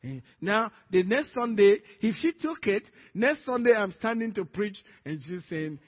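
Husky high-voiced preacher with Nigerian accent. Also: male voice, normal speed, hardly any pauses, big-room sound. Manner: animated preaching, acting out quoted dialogue. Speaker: pastor. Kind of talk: sermon. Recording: dull lo-fi sermon recording.

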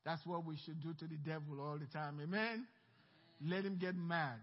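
A male pastor preaching an animated, emphatic sermon and calling out for amens. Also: a little high, moderate pace. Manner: animated, emphatic preaching with call-outs for amen. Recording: muffled recording with long hall reverb.

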